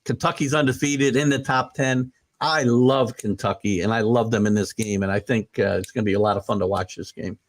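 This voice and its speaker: A man's voice: on the low side, fairly even intonation, a little fast, few pauses. A man hosting a casual sports talk show, opinionated and rambling, with lots of fillers and restarts.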